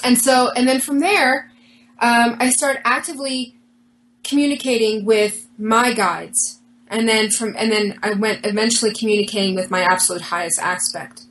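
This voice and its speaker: A woman with a fairly high voice tells an interviewer a personal story in an earnest, animated way. She often acts out what people said to her. A faint hum runs behind her voice. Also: normal speed, poor audio. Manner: earnest, animated retelling with quoted dialogue. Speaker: interview guest.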